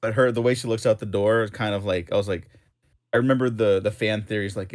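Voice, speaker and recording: A man's voice: on the low side, steady tone, fast talker. A young man co-hosting a casual comic book chat, laid-back and rambling, full of likes and you-knows. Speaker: co-host.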